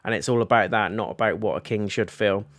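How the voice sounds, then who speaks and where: A man's voice: lowish voice, fairly quick, heavy background noise. A man gives a casual episode review, animatedly recapping scenes and acting out the characters' lines.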